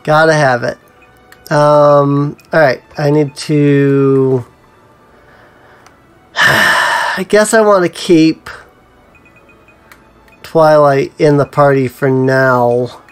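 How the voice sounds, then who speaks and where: A man's voice: fairly high pitch, very slow, long pauses, clean tone, faint music behind. A man giving casual gameplay commentary as a let's play host, musing to himself with frequent ums.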